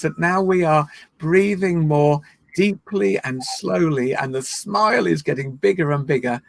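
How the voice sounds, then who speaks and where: Male laughter yoga leader; high, dry, playful and encouraging on a call. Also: gravelly, dry recording. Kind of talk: guided online laughter exercise. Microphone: video call.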